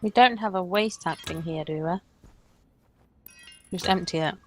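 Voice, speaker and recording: Woman, lower voice, joking co-op gamer banter, off-mic. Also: slow, faint music behind. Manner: playful, offhand, banter. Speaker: co-op gaming partner. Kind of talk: casual gameplay chat.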